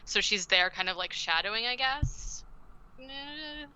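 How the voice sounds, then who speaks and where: Woman podcast co-host, bright clear voice, sarcastic movie recap. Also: on the high side, lively intonation, unhurried, poor audio. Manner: sarcastic, swearing, acting out quotes in silly voices. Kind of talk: casual movie recap chat.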